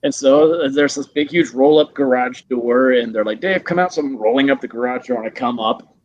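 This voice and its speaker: A middle-aged man, a guest actor, telling stories casually in an animated way, acting out voices and laughing often. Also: mid-range voice, a little fast, dull audio.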